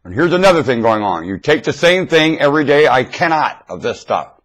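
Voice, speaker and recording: Husky man in a wildly swinging rant. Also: sing-song, brisk. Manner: swings between loud emphatic outbursts and low mutters; blunt, confrontational. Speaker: webcam video maker. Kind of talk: rambling spiritual monologue. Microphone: webcam microphone.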